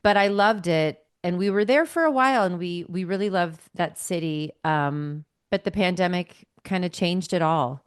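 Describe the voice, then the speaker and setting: A woman in her late forties from Northern California, a podcast guest and actress, telling stories in a chatty, animated way over a computer call. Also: fairly low pitch, normal speed, hardly any pauses, clear, resonant tone, no echo, studio quality. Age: late 40s. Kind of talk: casual conversation.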